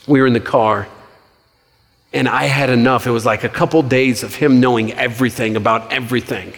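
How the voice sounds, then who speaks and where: Man preaching in a reverberant hall. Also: medium pitch. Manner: conversational, animated storytelling with quick asides. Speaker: pastor. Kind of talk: sermon.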